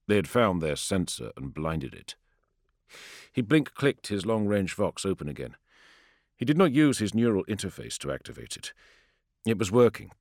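A man narrating an audiobook in a measured, grave storytelling manner, recorded on a close studio microphone. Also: low voice, no echo. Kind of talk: scripted dramatic narration.

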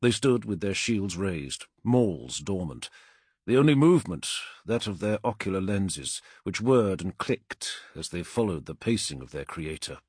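A man narrates an audiobook in a dramatic, expressive way. His voice is low and husky, and its pitch rises and falls with lively swings. It is recorded close and dry, with no room sound. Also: a little slow, dry recording.

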